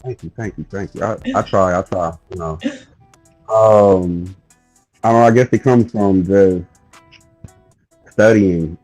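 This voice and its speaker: Husky laid-back man hosting a podcast. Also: low voice, a little slow, pauses often, darkish tone, soft background music, poor audio. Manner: laid-back, rambling, with lots of "you know". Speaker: podcast host. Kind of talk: casual chat.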